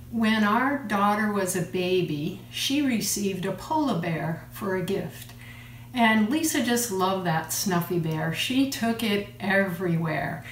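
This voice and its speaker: Slow-talking woman leading communion. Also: mid-range voice. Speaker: church communion leader. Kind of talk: children's communion talk. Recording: echoey room with faint hum.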